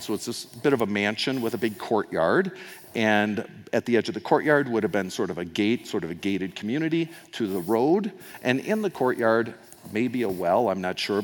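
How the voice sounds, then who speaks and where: A man preaches a sermon with a middle-range voice, retelling the story in an easy, conversational way. He acts out the quoted lines and drops into little asides. His words ring on in a long hall reverb, as in a church sanctuary. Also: medium pitch. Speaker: pastor.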